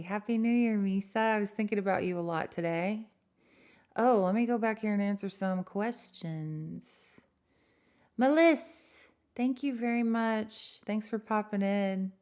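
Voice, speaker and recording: A woman singer-songwriter hosting a livestream. She chats in a rambling way, greets viewers by name and laughs at herself. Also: lowish voice. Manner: self-deprecating, laughs at herself. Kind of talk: casual livestream chat with viewers.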